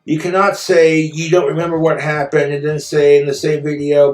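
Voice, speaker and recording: A man's voice: fairly high pitch, little pitch movement, moderate pace, darkish tone, echoey room, faint music behind. A man in an angry personal rant, bitter, profane and indignant. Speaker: streamer telling his story.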